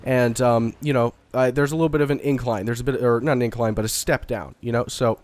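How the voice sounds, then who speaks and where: A man's voice: medium pitch, fairly even intonation, quick pace, a little mellow, no echo. Young man from Texas, a bit stuffy from a cold, rambling let's-play talk with casual swearing and lots of ums. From Dallas–Fort Worth area, Texas. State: getting over a cold. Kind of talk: casual gameplay commentary.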